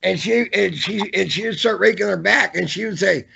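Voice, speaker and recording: A man co-hosting a podcast speaks with a heavy gravelly rasp and a bright, forceful edge. He gets enthusiastic and restarts his sentences often. The audio sounds a little dull and lo-fi. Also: high-pitched. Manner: quick, stumbling restarts, enthusiastic. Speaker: podcast co-host and wrestling referee. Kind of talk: casual podcast chat.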